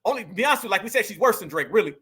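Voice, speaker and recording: A man hosts a talk stream, reacting to clips and speaking straight to his audience. His voice sits very high and rings bright and forceful. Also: very fast, husky. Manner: animated, addresses viewers as family and y'all. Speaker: host of a political commentary channel. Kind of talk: casual commentary reacting to clips.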